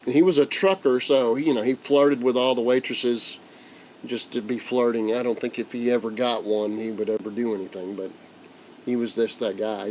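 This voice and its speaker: A man's voice: medium pitch, slight background noise. A man, the host of a livestream, casually telling a story and acting out the voices of the people in it. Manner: animated, acts out quoted voices. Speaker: channel host.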